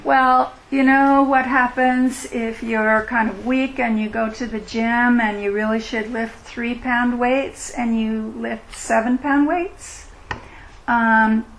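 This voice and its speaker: A middle-aged woman leading a meditation retreat, speaking in a gentle, unhurried, reflective way as she answers questions. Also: on the high side, gravelly, a little hiss or hum, low-quality recording. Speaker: meditation teacher. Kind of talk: dharma talk with Q&A. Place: retreat meeting room.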